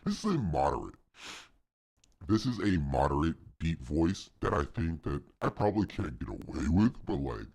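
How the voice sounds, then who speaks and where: An extremely low, gravelly and husky voice brags about itself as a smug male game developer, a streamer putting on the impression. The pitch swings widely while the tone stays boastful and self-satisfied, in a mock impression on a live stream. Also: darkish tone, full character voice. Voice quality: exaggerated deep gravelly impression voice.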